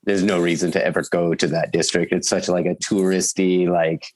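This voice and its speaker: A guest musician in his thirties chats casually from his home in Bavaria, rambling with plenty of fillers and restarts. His voice is low and slightly mellow, with little pitch movement, at a normal speed.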